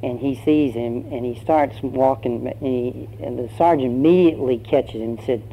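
A pastor preaching, telling a story in a conversational way with fillers. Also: male voice, medium pitch, moderate pace, vocal fry, hardly any pauses, mellow. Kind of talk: sermon with storytelling. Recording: dull lo-fi sermon recording, faint hum.

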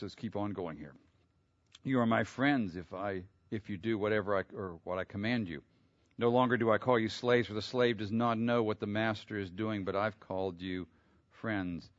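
A man's voice: fairly low pitch, dry recording. Preacher man with a dull, dry sound. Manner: reads scripture aloud, then explains it, building to loud emphatic peaks. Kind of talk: sermon, expository Bible teaching.

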